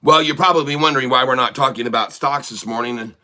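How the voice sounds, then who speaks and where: A man's voice: medium pitch, quick pace, sharp tone. A man from Michigan hosting a casual stock-trading livestream, joking, rambling and laughing often.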